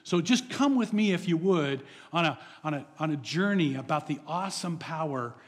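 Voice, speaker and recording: Earnest high-voiced male pastor. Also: lively intonation, normal speed, long reverb tail. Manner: earnest, encouraging, repeats words. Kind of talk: sermon.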